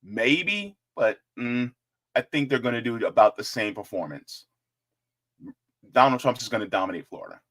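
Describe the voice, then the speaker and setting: A man hosting casual political commentary in an animated, joking way, with chatty asides. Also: medium pitch, moderate pace.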